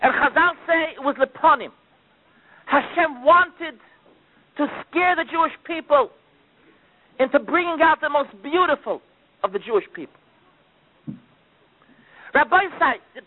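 A man giving a sermon with dramatic storytelling, his delivery swinging between loud outbursts and hushed asides. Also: extremely high pitch, expressive, a little slow, pauses often. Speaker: preacher. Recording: tinny phone-like recording.

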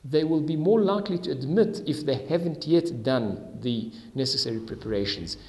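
A man with a slightly high, gravelly voice gives a Talmud lesson in a reverberant hall. He reads the Aramaic with Ashkenazi Hebrew pronunciation, then explains each line in English. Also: lively intonation, normal speed, mellow. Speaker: Torah teacher. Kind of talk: Talmud lesson, reading and translating.

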